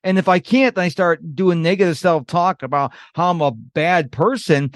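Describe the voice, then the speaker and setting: A middle-aged man with a fairly high voice hosts a podcast conversation. He talks in an emphatic, motivational manner, and the sound is dry and close. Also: normal speed, no room sound. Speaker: podcast host.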